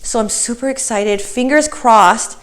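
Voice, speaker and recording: A woman's voice: fairly high pitch, a little slow. A pregnant woman in her thirties giving a casual vlog update, chatty and slightly out of breath, with many fillers and restarts. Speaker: vlogger.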